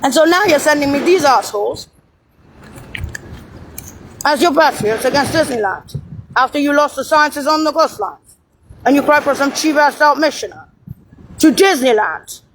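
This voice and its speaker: A woman's voice: high voice, animated, moderate pace, pauses often, slight background noise, rough recording. A woman delivering an angry, profane, rambling monologue, hurling insults and pointing things out on screen. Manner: points at something on screen while talking.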